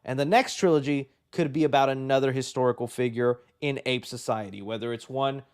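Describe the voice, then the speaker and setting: A man hosting a live movie news show, chatting casually in an excitable, rambling way with many fillers. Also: medium pitch, a little fast, smooth. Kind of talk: casual live-stream chat.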